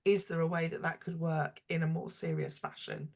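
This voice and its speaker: A woman's voice: sits low, little pitch movement, moderate pace, vocal fry, a little mellow. A woman speaking as a guest in a casual online panel chat, thoughtful and hesitant with many fillers.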